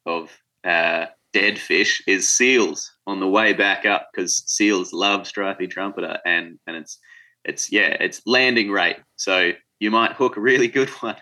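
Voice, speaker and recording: A man's voice: sits low, steady tone, unhurried, pushed and bright, rough recording. A man from Tasmania with an Australian accent, a guest in a podcast interview, talking casually and a little hesitantly. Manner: hesitant, with many fillers and restarts.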